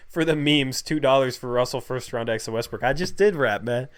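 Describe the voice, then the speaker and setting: A young man hosts a casual livestream, cracking jokes in laid-back slang and thanking viewers for their donations. His mid-range voice has a clean tone and a moderate pace.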